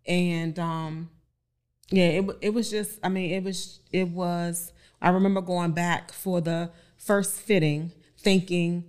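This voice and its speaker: Lower-voiced woman telling a story. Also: slow, clean tone. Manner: animated storyteller, repeats words, acts out quotes. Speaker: podcast guest, bride. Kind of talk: casual chat.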